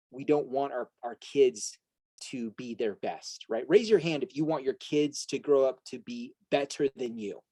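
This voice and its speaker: A man's voice: medium pitch, dark tone, dry recording, rough recording. A middle-aged man giving an earnest motivational talk to an audience as a coach and host, often asking rhetorical questions. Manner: earnest, rhetorical questions, frequent "right?" asides.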